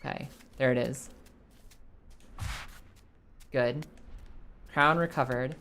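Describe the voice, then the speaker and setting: A woman's voice: rumbling low, slow pace, fairly bright tone, slight background noise. A young woman casually chatting to her live chat while playing a game, swearing now and then. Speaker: streamer. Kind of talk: live gameplay commentary.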